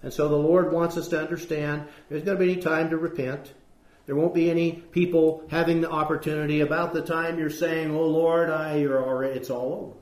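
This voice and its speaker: Man, sermon, earnest preacher, slightly high voice, roomy echo. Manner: earnest, rhetorical questions, slows for scripture reading.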